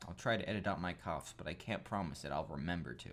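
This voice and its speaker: A man's voice: low voice, fast talker, hardly any pauses, fairly bright tone, soft background music. Profane young man joking through a game. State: slightly sick with a cough. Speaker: let's play gamer. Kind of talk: casual game commentary and reading aloud.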